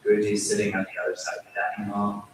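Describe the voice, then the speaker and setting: A man's voice: fairly low pitch, rapid-fire. Male yoga teacher, temple talk, self-deprecating storyteller; big hall echo, mic set far back. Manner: self-deprecating, animated storytelling with acted quotes. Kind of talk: sermon with storytelling. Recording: very echoey hall, distant mic, faint hiss.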